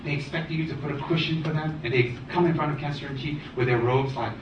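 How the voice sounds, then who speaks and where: A man giving a dharma talk as a Buddhist teacher, animated and teasing, rattling off long lists. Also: fairly high pitch, quick pace, background noise. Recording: echoey room, distant dull mic.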